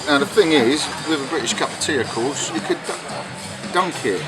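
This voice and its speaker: Jokey man chatting over loud music. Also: on the high side, lively intonation, brisk, rough recording. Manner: jokey, mock-patriotic, rambling. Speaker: travel vlogger. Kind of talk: casual tongue-in-cheek travel commentary.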